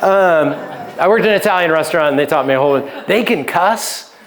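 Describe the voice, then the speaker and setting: A man's voice: a little high, animated, fairly quick, fairly bright tone. A male pastor teaching a relationship seminar in a casual, joking way, laughing often and checking in with "right?". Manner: conversational, keeps asking "right?".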